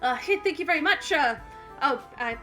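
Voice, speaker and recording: A small, jittery bird-person courier chirps out quick apologies in a high, bright voice, as a woman game master puts him on. He is flustered and eager to please, like a nervous tabletop-game side character. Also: expressive, soft background music.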